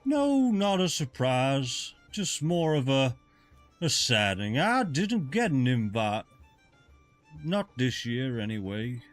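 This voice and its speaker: A man voicing a huge, two-hundred-year-old male bugbear barkeep who teases and chats in a sing-song, drawn-out way. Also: medium pitch, sing-song, faint music behind. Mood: teasing.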